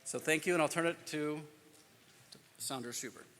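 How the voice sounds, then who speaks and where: A man's voice: a little high, moderate pace, a bit bright, a little hiss or hum. A man moderating a conference panel, reading speaker bios aloud with small slips and self-deprecating asides. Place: conference stage in a large hall. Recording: long hall reverb.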